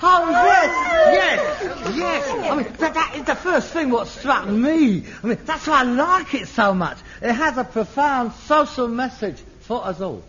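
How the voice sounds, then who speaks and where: High-pitched, lively, grumpy son, husky and indignant. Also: male voice, measured pace, few pauses, full character voice. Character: grumpy working-class son, aspiring amateur actor. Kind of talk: sitcom acting. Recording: dull lo-fi old TV recording.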